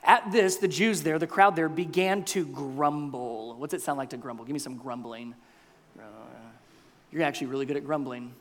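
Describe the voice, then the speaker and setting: A man preaching a sermon as pastor, animated, acting out the crowd and Jesus in quoted voices. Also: on the high side, normal speed. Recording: long hall reverb.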